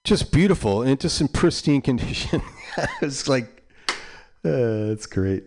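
Older male DJ, 60s, rambling on-air chat, halting delivery, ordinary mid-pitch voice. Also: animated, a little mellow. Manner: rambling and halting, drifting between thoughts. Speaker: radio DJ. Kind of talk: casual on-air chat between records. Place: community radio studio.

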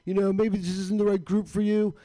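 A man's voice: high-pitched, level tone, fairly quick, mellow, voice pushed up, close to an everyday voice. A man putting on the voice of a whiny, smug young male comedian who is easily offended.

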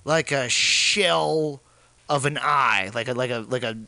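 A man's voice: medium pitch, measured pace, gravelly, sharp tone, clear, resonant tone, no echo. Brash, profane man telling crude stories. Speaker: podcast co-host, comedian. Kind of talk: crude comedic storytelling.

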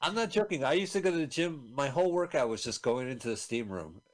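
A man guesting on a radio talk show, cracking wry, deadpan jokes in casual chat. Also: medium pitch, fast.

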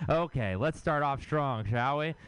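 Stand-up comic, young man, crude and rambling, smooth dry voice. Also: medium pitch, animated, unhurried, fairly bright tone, dry recording. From Houston, Texas. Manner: crude, rambling, self-mocking. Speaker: stand-up comedian. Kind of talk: stand-up set at open mic.

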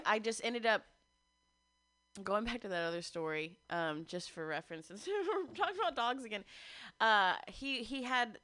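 A woman's voice: fairly low pitch, fairly bright tone, smooth, dry recording. A woman telling a long, rambling story on a radio show, laughing often as she goes. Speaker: radio guest. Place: radio studio.

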